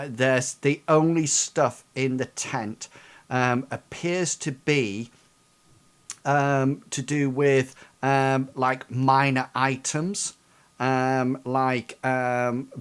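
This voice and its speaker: Slow, hesitant man running a game. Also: medium pitch, flat delivery, clear, resonant tone. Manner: hesitant, filled with ums and likes. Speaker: game master. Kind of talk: narrating a tabletop game.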